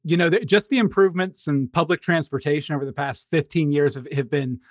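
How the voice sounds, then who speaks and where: A man's voice: on the high side, fairly even intonation, brisk, dry recording, clean studio sound. A man hosting an interview podcast, asking questions in an easygoing way and laughing along. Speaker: podcast host. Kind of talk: casual interview chat.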